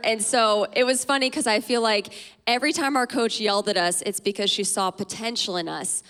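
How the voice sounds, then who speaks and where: A young woman telling a lively personal story on a church stage, chatty and full of acted quotes. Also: fairly high pitch, brisk, clear, resonant tone, in a large hall. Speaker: guest speaker. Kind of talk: storytelling in a sermon. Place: church stage before an audience.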